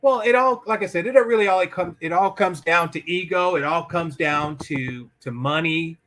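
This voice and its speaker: Man, interview guest, high-pitched, bright tone, emphatic, acts out quotes. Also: moderate pace. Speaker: podcast guest. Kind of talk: conversational interview.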